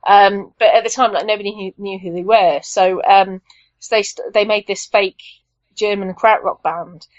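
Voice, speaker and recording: A woman's voice: medium pitch, steady tone, moderate pace, no echo. Woman, podcast guest, rambling eager chat, slightly muffled dry recording. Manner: enthusiastic, rambling, many fillers. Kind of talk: casual chat.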